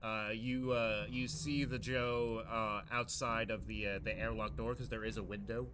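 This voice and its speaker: A man narrating a tabletop game as game master, halting with many fillers and restarts. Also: fairly low pitch, flat delivery, noisy background.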